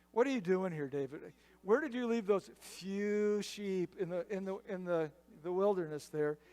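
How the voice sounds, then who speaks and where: A man's voice: high voice, very animated, fairly quick, warm tone. A pastor voicing an embarrassed older brother who mocks his younger sibling with sarcasm. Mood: sarcastic. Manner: sarcastic, dismissive.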